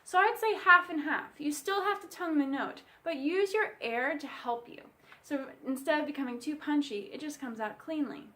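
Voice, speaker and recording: A woman with a high, light voice gives a bassoon lesson. She explains each step in a clear, friendly teaching manner. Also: moderate pace, pushed and bright. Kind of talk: instructional music lesson.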